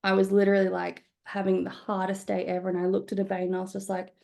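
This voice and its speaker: Aussie woman coaching a workshop, bit of vocal fry, chatty, keeps asking right?. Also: medium pitch, monotone, fast, darkish tone. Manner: conversational, frequent "right?" check-ins, casual swearing. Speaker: business coach. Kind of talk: live workshop teaching.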